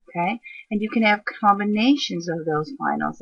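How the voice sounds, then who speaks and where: Woman, teacher, gravelly husky voice, explanatory lesson, dull lo-fi recording. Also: medium pitch, normal speed, fairly bright tone, dry recording. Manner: explanatory, addresses learners directly, with fillers. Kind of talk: narrated slideshow lesson.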